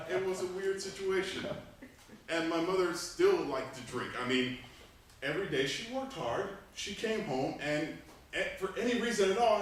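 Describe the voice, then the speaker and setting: A man in his thirties, from Panama, giving an animated humorous speech to a club, laughing between lines. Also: fairly high pitch, unhurried, long pauses. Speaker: club speaker. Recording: echoey room, distant mic, faint noise.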